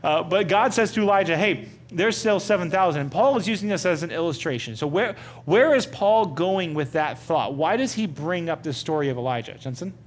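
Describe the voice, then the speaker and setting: A young man teaching a Bible study to a group in a conversational, animated way, often asking them questions. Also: a little high, brisk, few pauses.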